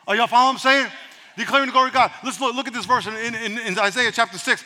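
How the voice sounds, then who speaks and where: A pastor preaching a sermon with humor and energy, calling on the congregation to answer back. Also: male voice, extremely high pitch, rapid-fire, bright, forceful tone. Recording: church hall reverb.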